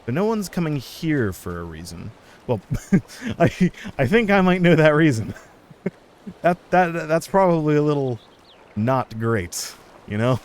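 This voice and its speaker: A man's voice: fairly high pitch, sing-song, unhurried. A man streaming a video game, chatting casually, chuckling and thinking aloud. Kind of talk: casual gameplay commentary.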